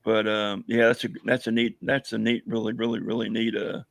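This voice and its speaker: Hoarse man with a creaky voice. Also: fairly low pitch, flat delivery, brisk, no echo. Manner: rambling, many fillers, tells jokes. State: hoarse, losing his voice. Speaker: veteran guest running a coffee business. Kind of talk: casual livestream chat.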